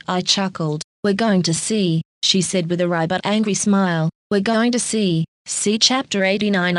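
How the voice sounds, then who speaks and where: A woman narrating a first-person audiobook in a steady, even read-through. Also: on the low side, no echo.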